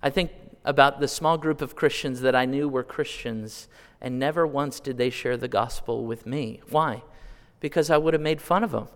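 A man from California preaching a sermon, asking the congregation questions and swinging between quiet asides and loud, drawn-out appeals. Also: mid-range voice. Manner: asks the congregation direct questions. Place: church sanctuary. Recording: long hall reverb.

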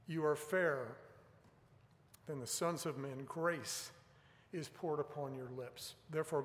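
A man preaching a sermon in an earnest, emphatic way, pressing on key words. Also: fairly high pitch. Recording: echoey hall with long reverb.

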